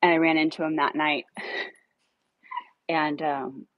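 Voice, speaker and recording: A woman casually telling a dog rescue story, animated, swearing now and then and acting out her own lines. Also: unhurried, no room sound, highs cut off. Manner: animated, acts out her own dialogue in a higher voice; swears casually when irritated.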